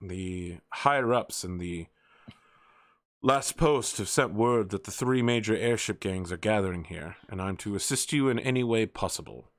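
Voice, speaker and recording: A man voicing a composed male secret agent, speaking formally and politely. The voice sits slightly low, dry and close to the mic. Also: normal speed, dry recording, natural voice.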